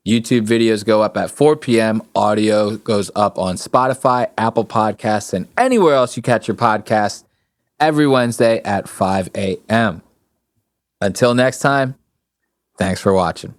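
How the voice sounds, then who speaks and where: A man's voice: lowish voice, normal speed, dry recording. A young man hosting a podcast in casual chat, loose and profane, laughing often and slipping into impressions of people in his stories. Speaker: podcast host.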